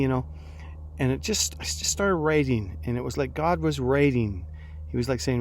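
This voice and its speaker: A man's voice: mid-range voice, animated, normal speed, darkish tone, a little hiss or hum. A middle-aged man, a pastor, telling a personal story in a devotional talk, acting out his own reactions as he goes.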